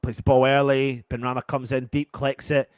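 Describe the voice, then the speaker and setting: A man giving partisan live football commentary as a fan, swearing and swinging from low muttering to loud shouts. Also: little pitch movement, brisk, smooth, dry recording.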